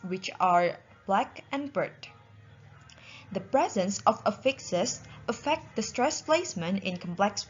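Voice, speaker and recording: A woman's voice: medium pitch, husky, muffled recording. A young woman with an Indonesian accent, reading a class presentation carefully and spelling out word parts. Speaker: student presenter.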